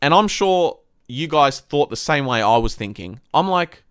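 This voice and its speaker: In a live-streamed footy review, a man whose voice sits fairly high rants and swears freely at a moderate pace. Getting worked up sends his pitch jumping, and his clean tone comes through studio-quality audio with no room sound.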